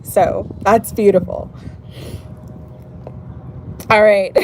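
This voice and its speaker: A woman's voice: mid-range voice, steady tone, extremely slow, darkish tone, slight background noise. A woman giving a live-streamed tarot reading, effusive and emotional, at times close to tears. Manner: emotional, effusive, gets teary. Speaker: tarot reader.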